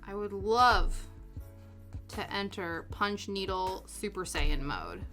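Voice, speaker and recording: Young woman streamer, lively pitch, chatty and self-mocking while crafting, faint music under her. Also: slow. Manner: chatty, self-deprecating, laughs often. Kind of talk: casual chat while crafting. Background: soft background music.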